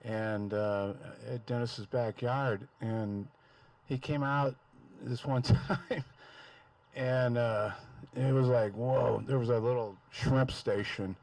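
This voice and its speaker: A man's voice: medium pitch, steady tone, slow, creaky, darkish tone, no echo, rough recording. Brief: man, memorial speech at the mic, rambling with fillers, dry sound. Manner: rambling with many "uh" fillers, fond. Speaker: memorial speaker. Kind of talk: casual storytelling. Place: memorial gathering. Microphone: microphone.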